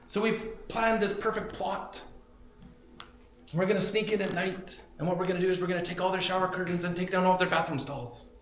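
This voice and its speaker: A man's voice: high voice, steady tone, a little fast, a bit bright. A young man preaching a sermon in a church, telling a story animatedly and acting out the quotes. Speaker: pastor. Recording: very echoey church hall.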